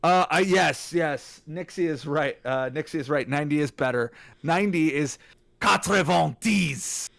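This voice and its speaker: A man's voice: fairly high pitch, normal speed, no room sound. A man streaming a text adventure with a friend, reading the game text aloud and ranting jokingly between turns. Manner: reads game text aloud, jokey rants. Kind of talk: casual co-op gaming chat.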